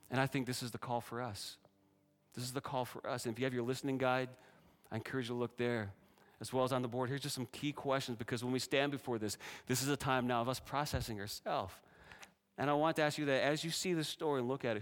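A man in middle age delivers a sermon with animated energy. His voice sits in a middle range, and he acts out each speaker as he tells the story. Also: fairly quick. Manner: animated, voices God and Jonah with rising pitch and force. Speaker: pastor.

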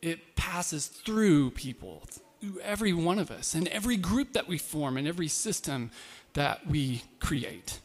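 Casual preacher in a reverberant hall. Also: male voice, fairly high pitch, big pitch swings, unhurried, few pauses. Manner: informal, self-deprecating, frequent fillers and restarts. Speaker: pastor. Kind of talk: casual conversational sermon.

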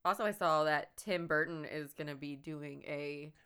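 A woman co-hosting a podcast in relaxed conversation, laughing easily and filling her sentences with "like" and "um". Her voice sits a little low for a woman. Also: moderate pace, clean tone. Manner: chatty, laughs easily, filler-heavy. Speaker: podcast co-host. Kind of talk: casual chat.

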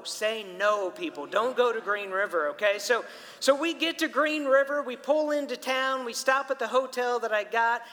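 A middle-aged pastor with a strikingly high, bright and forceful voice preaches a story-driven sermon. His words ring out with a long reverb across the church hall, and he often turns to speak directly to the congregation. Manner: storytelling, animated, addresses people directly.

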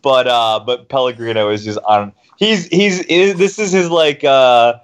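A man co-hosting a casual podcast, relaxed and easygoing. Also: mid-range voice, unhurried, clean tone. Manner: relaxed, says like and dude a lot. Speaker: podcast co-host. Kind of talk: casual chat.

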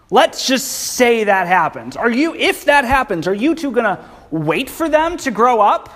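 A man's voice: very high-pitched, fairly bright tone, pitched above the performer's own voice, full character voice. A man voicing a bitter, sarcastic older widow woman with a mocking edge. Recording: long hall reverb.

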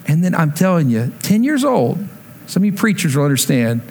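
A male pastor in his forties delivers a sermon through a family story. His voice sits a little high. He acts out each quoted line with lively energy and drops his voice low and quiet when he turns to reflection. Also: normal speed, slight background noise.

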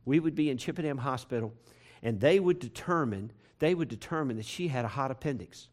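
A pastor preaching a sermon to his congregation in a church, repeating phrases and building to loud, emphatic peaks. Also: mid-range voice, animated, a little fast. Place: church sanctuary.

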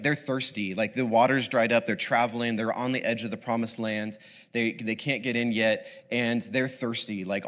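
A man delivering a laid-back sermon at a mid-range pitch, wandering through his points with frequent fillers and restarts. His voice carries a long hall reverb. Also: fairly bright tone. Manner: casual, rambling, many fillers and restarts. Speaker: preacher.

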